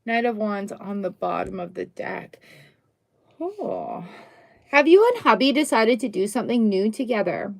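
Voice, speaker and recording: A woman's voice: medium pitch, animated, a little slow, creaky, darkish tone. A middle-aged woman doing a casual, chatty tarot reading on a live stream, full of upbeat exclamations. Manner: chatty, upbeat, exclamations and little sung bits.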